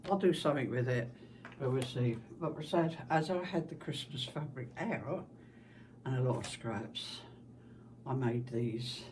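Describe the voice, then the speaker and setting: A middle-aged woman with a London-area English accent and a slight Scottish tinge, chatting casually in her husky smoker's voice about her quilting. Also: rumbling low, unhurried. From southeast England. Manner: chatty, rambling, homely. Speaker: quilting channel host. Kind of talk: casual chat. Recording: distant mic with faint background hiss.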